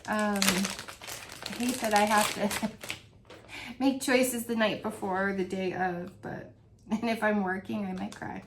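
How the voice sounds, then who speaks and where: A woman talks through her favorite wax melts in an easy, chatty way, breaking into laughs and gushing over each one. Her voice sits at an ordinary pitch for a woman, with a faint hiss of noise underneath. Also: steady tone, slow pace, long pauses. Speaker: wax melt reviewer. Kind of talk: casual product review vlog.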